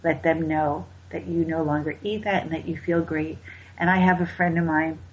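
A woman host giving motivational holiday advice, emphatic and repeating her key points, with a husky voice. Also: low-pitched, steady tone, moderate pace, slight background noise. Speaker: wellness host. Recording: dull lo-fi recording.

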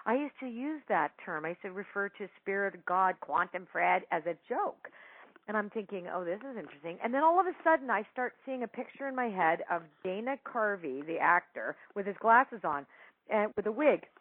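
A woman's voice: medium pitch, moderate pace, dry recording. A woman telling a personal spiritual story in a casual, chatty way, laughing often and acting out what people said. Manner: chatty, laughing, animated quoting. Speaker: psychic medium guest telling a story. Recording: dry tinny phone-like line.

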